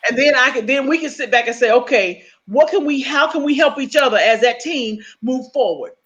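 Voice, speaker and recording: A middle-aged woman speaking as a guest on leadership, emphatic and animated, acting out bits of dialogue as she teaches. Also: high-pitched, brisk, muffled recording. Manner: emphatic, acts out quoted dialogue.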